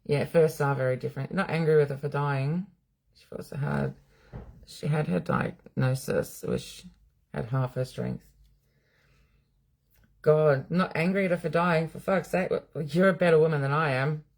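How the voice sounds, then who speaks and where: A woman's voice: low-pitched, normal speed, creaky, darkish tone. Blunt, swearing Australian woman chatting live. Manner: blunt, chatty, swears freely, reads and answers viewer comments. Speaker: psychic medium hosting a live reading stream. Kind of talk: casual live-stream chat.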